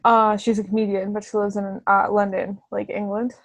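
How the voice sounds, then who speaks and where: A woman talks casually on a podcast, her mid-pitched voice wandering through ums and likes. The sound is close and dry, with no room around it. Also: normal speed, no echo. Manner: relaxed, hesitant, many ums and likes. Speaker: podcast co-host. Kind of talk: casual chat.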